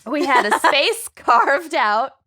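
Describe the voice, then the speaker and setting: A woman's voice: high voice, sing-song, slow, bright, forceful tone. A woman co-hosting a podcast in casual, upbeat chat, laughing often. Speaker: podcast co-host.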